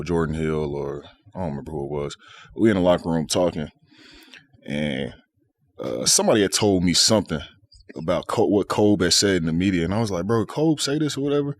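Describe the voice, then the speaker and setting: A man's voice: deep voice, slight background noise. A man in his thirties as a podcast guest, telling stories in a laid-back, slangy way and laughing often. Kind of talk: casual chat.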